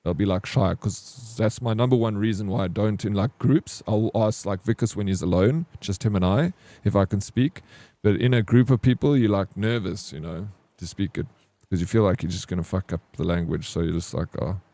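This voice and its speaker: A man's voice: fairly low pitch, fairly quick, dark tone, no echo. A man, hosting a livestream and chatting casually in a rambling, candid way, swearing now and then. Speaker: livestream host. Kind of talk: casual stream chat.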